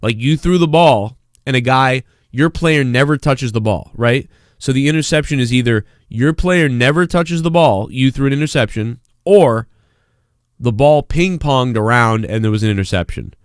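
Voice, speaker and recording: A man's voice: mid-range voice, normal speed, smooth, no room sound, clean studio sound. A man hosting a live stream in casual chat, rambling, swearing freely and reading viewer messages aloud. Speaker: live-stream show host.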